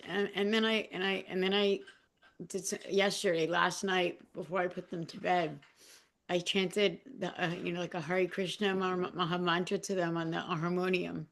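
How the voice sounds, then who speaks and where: A woman guest on a podcast, sharing personal experiences in a heartfelt, emotional and halting way, with many restarts. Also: on the low side, flat delivery, fairly bright tone.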